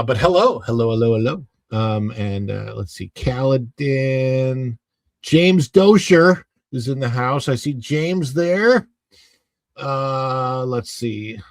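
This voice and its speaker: A man's voice: mid-range voice, dry recording. A man in his forties hosting a live podcast, chatting casually and playfully with his viewers and laughing often. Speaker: livestream podcast host.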